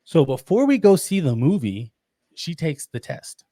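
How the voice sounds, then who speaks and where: A man in his thirties telling a personal story in casual conversation, animated and laughing often. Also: fairly high pitch, a little slow, no echo, clean studio sound. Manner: animated, laughs often, acts out quoted voices. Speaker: podcast guest.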